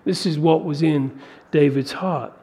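A man with a high voice delivering a sermon. His preaching is emphatic, rising to forceful peaks as he drives each point home. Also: unhurried.

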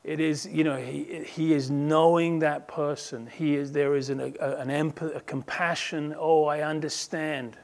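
A man's voice: on the high side, flat delivery, measured pace, creaky, hardly any pauses, darkish tone. A man preaching a sermon as a pastor, earnest and emphatic, building intensity through repeated phrases.

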